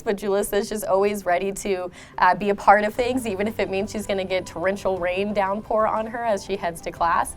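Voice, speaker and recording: A woman from a school program, telling a story in a video tribute, lively and proud. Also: mid-range voice, a little fast, hardly any pauses.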